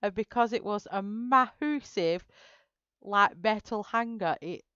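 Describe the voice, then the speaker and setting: Slow, giggly woman. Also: medium pitch, bright, forceful tone, clean tone, no room sound, muffled recording. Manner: giggly storytelling, laughing through her words. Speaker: live-stream colouring host. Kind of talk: casual live-stream chat.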